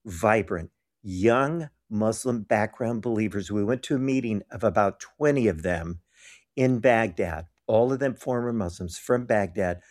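A man's voice: lowish voice, a little mellow. Earnest storytelling man. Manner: acts out quoted voices, earnest and emphatic. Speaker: guest telling ministry stories. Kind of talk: animated storytelling interview.

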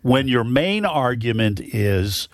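A man's voice: medium pitch, sing-song, slow pace, dry recording, clean studio sound. A man co-hosting a political talk radio show, speaking in an opinionated, emphatic, conversational way.

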